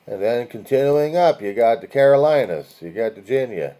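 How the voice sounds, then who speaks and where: A man's voice: mid-range voice, expressive, moderate pace, mellow. A man hosting a casual video, talking viewers through a map in a rambling way, with profane asides and chant-like lists of places. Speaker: video host.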